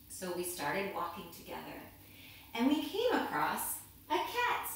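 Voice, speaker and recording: A woman, a children's yoga teacher, telling a story to young children in an expressive, playful way. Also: mid-range voice, unhurried, vocal fry. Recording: echoey room, mic far off.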